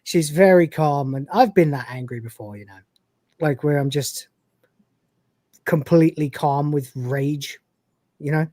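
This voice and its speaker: A woman's voice: low voice, a little slow, pauses often, dark tone, no room sound, studio quality. A woman co-hosting a livestream, recapping episodes and reading scenes aloud with laughs. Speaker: podcast co-host.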